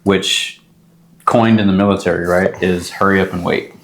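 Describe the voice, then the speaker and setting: A man co-hosting a podcast, talking casually and relaxed, acting out remembered conversations in a raised voice. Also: low voice, moderate pace. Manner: relaxed, acts out quoted dialogue in a raised voice. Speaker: podcast co-host, real estate agent.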